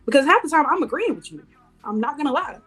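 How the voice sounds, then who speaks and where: A woman's voice: high voice, very animated, quick pace, a bit bright. A woman panelist on a podcast, speaking bluntly and passionately in slangy casual talk. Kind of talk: heated podcast debate. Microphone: studio podcast mic.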